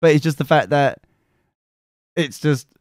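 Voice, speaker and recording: A man's voice: fairly high pitch, a little slow, no echo, clean studio sound. A man co-hosting a podcast, telling a rowdy story in casual chat and acting out quotes in camp voices. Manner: animated, sweary, acts out quotes in camp voices. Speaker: podcast co-host.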